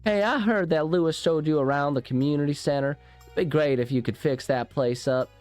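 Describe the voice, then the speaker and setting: A man's voice: fairly high pitch, brisk, a little mellow, faint music behind, voice pushed up, lightly acted. A man voicing a friendly woman carpenter from a farming game, with a put-on Southern US accent and a cheery drawl.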